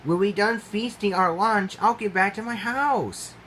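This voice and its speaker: A man doing a squeaky shrill female critter. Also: unhurried, pushed and bright, a little hiss or hum. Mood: cheerful. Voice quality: high squeaky. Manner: shrieking indignant scolding.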